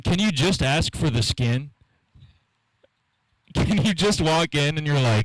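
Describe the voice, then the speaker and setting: A man's voice: fairly high pitch, animated, slow, long pauses, no echo, rough recording. A man from Norfolk, Virginia doing a stand-up set in a small live room, loose and conversational with trailing fillers. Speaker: stand-up comedian. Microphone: handheld stage mic.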